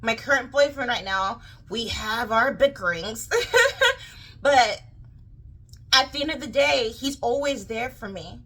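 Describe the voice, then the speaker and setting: Young woman w a girly childlike voice, rambly vlog rant, bright and a bit high, lots of ums and restarts. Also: unhurried, husky, rough recording. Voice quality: childlike, girlish way of talking. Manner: rambling and animated, many fillers and restarts. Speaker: vlogger. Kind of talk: casual rant to camera.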